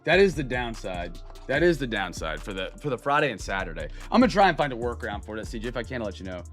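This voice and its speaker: A man's voice: medium pitch, big pitch swings, fast, faint music behind. A young man hosting a live card break stream, chatting upbeat with viewers, greeting them by name and stretching out hype calls.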